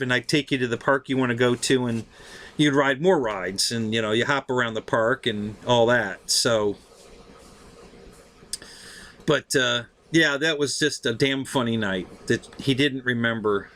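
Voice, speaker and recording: A man in his fifties hosting a live stream, telling stories in a chatty, animated, profane way. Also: mid-range voice, normal speed. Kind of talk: casual storytelling on a live stream.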